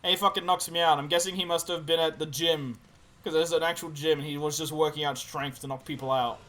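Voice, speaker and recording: A young man tells game stories on a podcast at a rapid clip, swearing freely and throwing himself into the quotes. His voice is high-ish and bright, with faint music playing underneath. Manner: excitable storyteller, swears freely, acts out quotes loudly. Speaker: podcast co-host. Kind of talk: casual chat recounting a role-play game.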